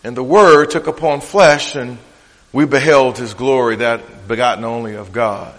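A man's voice: medium pitch, moderate pace, a bit bright. A middle-aged man preaching a sermon emphatically, his delivery rising and falling, with a Black vernacular flavor. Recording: long hall reverb.

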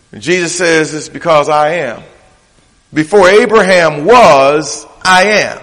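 High-voiced preacher in a reverberant hall. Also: male voice, sharp tone. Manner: emphatic, preaching with rising and falling delivery. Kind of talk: sermon.

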